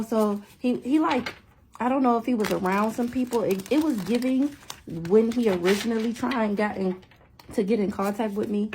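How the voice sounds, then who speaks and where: A young woman telling a story in a casual vlog rant, animated and incredulous, repeating herself. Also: fairly high pitch, background noise. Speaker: vlogger.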